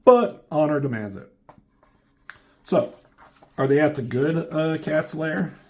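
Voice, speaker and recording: A man's voice: fairly high pitch, expressive, slow. A man giving a casual comic book review, rambling and joking with lots of swearing.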